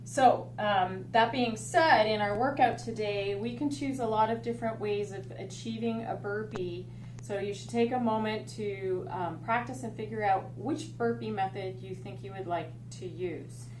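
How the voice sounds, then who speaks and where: A woman's voice: medium pitch, moderate pace, far from the mic. Woman coaching a home workout, roomy echo. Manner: clear step-by-step coaching cues. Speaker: fitness instructor. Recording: roomy echo, off-mic, faint hum.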